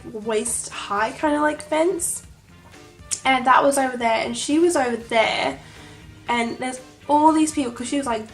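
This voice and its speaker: A young woman telling an excited vlog story, gushing and breathless, full of "like" and "oh my god". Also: fairly high pitch. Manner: gushing, breathless, heavy use of "like". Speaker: vlogger.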